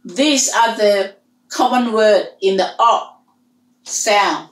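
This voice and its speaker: Slow, careful woman teaching a language. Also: on the high side, expressive, a bit bright, echoey room, recorded from a distance, poor audio. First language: Hmong. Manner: slow, careful, repeats sounds and words for students. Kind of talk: slow online language lesson.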